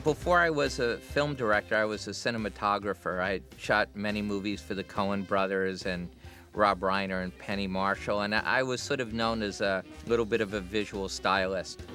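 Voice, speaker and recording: A middle-aged man, a film director, telling relaxed anecdotes in a commentary interview. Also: on the low side, normal speed, faint music behind.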